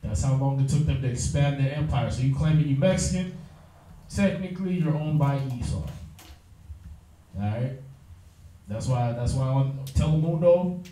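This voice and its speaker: A man's voice: mid-range voice, moderate pace, pauses often. Emphatic man teaching in an echoey room. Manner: emphatic, animated lecturing with frequent fillers and restarts. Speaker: Bible study teacher. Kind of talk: Bible class teaching. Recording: echoey room, mic far off.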